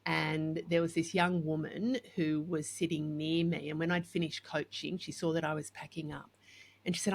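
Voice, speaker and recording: A woman's voice: deep voice, normal speed, slight background noise. A woman hosting a podcast, chatting casually and acting out the voices in her stories. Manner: animated, acts out quoted voices. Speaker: podcast host and coach. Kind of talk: casual chat with storytelling.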